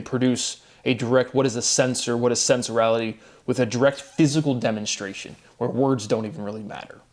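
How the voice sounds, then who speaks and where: Rambling man musing aloud. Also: mid-range voice. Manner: rambling, self-interrupting, speeds up and slows down on words; sarcastic asides. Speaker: video host. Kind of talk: casual solo monologue.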